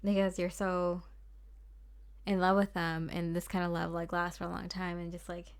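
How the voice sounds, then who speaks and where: A young woman talks through a tarot card reading in a loose, casual way, full of fillers and small laughs. Her voice sits slightly lower than most women's. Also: little pitch movement, moderate pace, smooth. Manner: chatty and rambling, full of fillers and little laughs.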